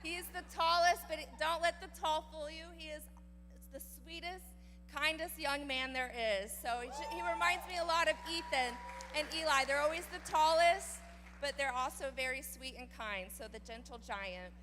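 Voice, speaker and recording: A woman's voice: high voice, moderate pace, pushed and bright, faint music behind. A woman teacher handing out student awards at a graduation ceremony, enthusiastic and cheering each student on. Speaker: elementary school teacher. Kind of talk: award presentation speech. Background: audience crowd.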